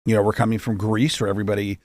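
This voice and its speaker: Low-voiced joking man in his fifties. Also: little pitch movement, very fast, a little mellow, no echo. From Rochester, New York. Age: 50s. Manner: joking, chatty, many asides and fillers. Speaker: guest, entrepreneur. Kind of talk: casual storytelling.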